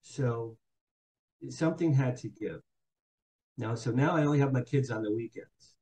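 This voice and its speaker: An older man speaks as a podcast guest, telling his own story in a frank, halting way. His tone is mellow and relaxed, never sharp. He stumbles, repeats himself and fills gaps with ums and uhs. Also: mid-range voice, rough recording. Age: 60s. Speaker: guest, publicist and author. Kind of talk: candid personal storytelling. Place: Hollywood.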